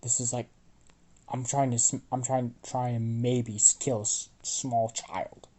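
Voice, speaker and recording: A man voicing a gruff young male blacksmith who is blunt, bossy and swears often, in a casually told fan story. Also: medium pitch, level tone, unhurried, dark tone, lightly acted. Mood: exasperated.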